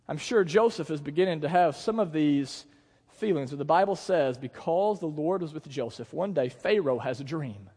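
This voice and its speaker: Animated preacher in a reverberant church. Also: male voice, fairly high pitch, normal speed, slightly rough. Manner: animated storytelling, acting out the scenes. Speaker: pastor. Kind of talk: sermon. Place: church sanctuary.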